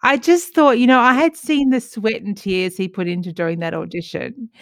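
A woman's voice: mid-range voice, fairly even intonation, moderate pace, dry recording, studio quality. A woman hosting a podcast, telling a story in casual chat with many fillers. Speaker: podcast host.

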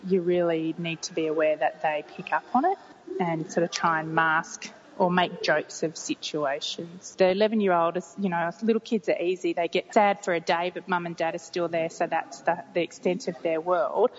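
A woman's voice: on the low side, steady tone, normal speed. A woman in her forties, a mother talking frankly and rambling as she corrects herself in a casual conversation. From Australia. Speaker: interviewee, mother of three. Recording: muffled, reverberant, faint hiss.

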